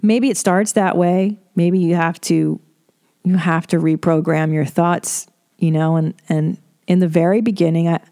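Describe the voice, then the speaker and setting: A woman's voice: on the low side, steady tone, unhurried, warm tone. Candid, profane woman podcast host. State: tearful. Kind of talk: casual monologue.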